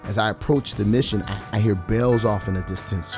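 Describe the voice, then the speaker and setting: A man's voice: on the low side, steady tone, fairly quick. A man running a long charity run, talking casually and earnestly to his camera over background music. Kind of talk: casual vlog talk.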